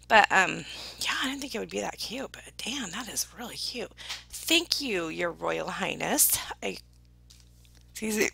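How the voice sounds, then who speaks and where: A woman talks to her viewers in a gushing, excitable way, her bright voice carrying a heavy gravelly rasp. She slows to an unhurried pace and swoops up and down, sometimes dropping to a whisper. The sound is close and dry. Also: medium pitch, no echo. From United Kingdom. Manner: drops into whispers now and then. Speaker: vlogger opening viewer gifts. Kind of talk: casual chat to viewers.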